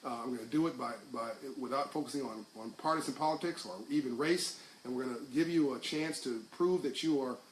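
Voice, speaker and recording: A man's voice: medium pitch, brisk, hardly any pauses. A middle-aged man talking casually to livestream viewers, reading their comments, rambling with restarts before he builds to fervent speech. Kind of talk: casual live talk to viewers. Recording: echoey room with faint hiss.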